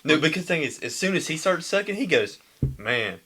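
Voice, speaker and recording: Young dude, excitable and giggly, voice jumping all over, noisy recording. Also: male voice, on the high side, fairly quick. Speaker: podcast co-host. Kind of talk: casual chat. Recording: noisy background.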